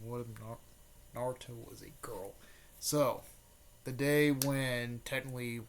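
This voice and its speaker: A man's voice: mid-range voice, slight background noise. Rambling man retelling a fan story. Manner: rambling, full of fillers and restarts, repeats "technically" and "there".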